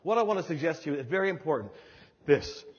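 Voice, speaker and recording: A man's voice: a little high, fast talker, husky. An older man giving a motivational keynote speech, telling stories with emphatic repetition. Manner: animated storytelling, emphatic repetition. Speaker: keynote speaker. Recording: dull sound with long hall reverb.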